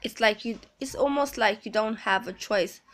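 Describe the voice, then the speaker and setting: A woman speaking earnestly in a personal confessional vlog, pausing often. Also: on the high side, a bit bright. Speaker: vlogger.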